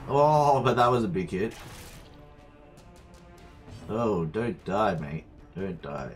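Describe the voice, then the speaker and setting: Playing a game on stream, a man with a lowish voice talks slowly, chatting to himself and his viewers as he goes. It's live, chatty gameplay commentary, with faint game music in the background.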